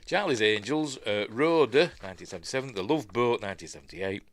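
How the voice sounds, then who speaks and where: A man's voice: on the low side, expressive, fast, a little hiss or hum. An older man with a Yorkshire accent, hosting a casual news live stream, rambling and reading chat comments aloud. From Yorkshire, England.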